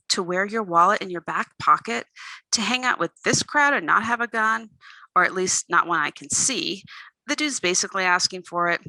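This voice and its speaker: A woman author reading her own novel aloud in an expressive first-person storytelling voice. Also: on the high side, no echo, rough recording.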